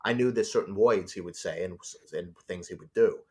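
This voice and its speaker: Deep-voiced man telling animated stories. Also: a little fast. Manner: animated storyteller, acts out voices. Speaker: storyboard artist guest. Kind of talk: casual interview.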